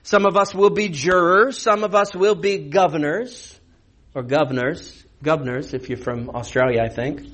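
A man's voice: high voice, normal speed, a bit bright. A man preaching a verse-by-verse sermon in a conversational teaching manner, posing rhetorical questions. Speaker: pastor. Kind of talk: expository sermon.

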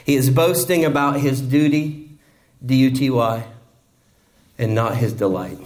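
Slow-preaching man in a church. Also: mid-range voice, darkish tone. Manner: preaching, dramatic voicing of the parable's characters. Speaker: pastor. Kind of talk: sermon.

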